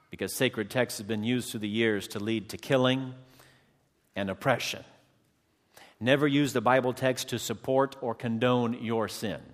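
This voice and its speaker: Male pastor preaching in a reverberant hall. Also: on the low side. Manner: preaching to a congregation, calling out "amen?". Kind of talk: sermon. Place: church sanctuary.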